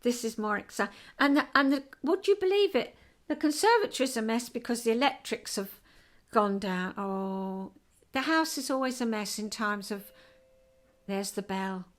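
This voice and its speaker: An older woman hosting a casual home vlog, chatty and rambling and quick to get excited. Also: on the high side. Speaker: vlog host.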